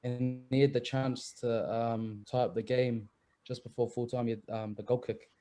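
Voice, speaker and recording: A young man tells stories in a relaxed, easygoing way, swearing freely and laughing as he goes. His voice sits at an ordinary pitch with a mellow, warm tone. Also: moderate pace. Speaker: rugby league player, guest. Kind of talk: casual chat, storytelling.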